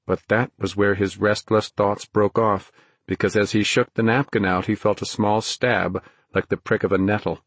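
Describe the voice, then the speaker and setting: A man narrating a novel as an audiobook, in a measured, even storytelling way. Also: on the low side, dry recording. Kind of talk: scripted narration.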